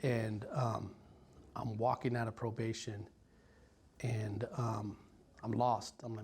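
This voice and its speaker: A man in his forties from Stockton, California, telling his life story in an interview, reflective and halting with many pauses and ums. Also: fairly low pitch, level tone, darkish tone, husky. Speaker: violence prevention worker. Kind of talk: personal story told in an interview.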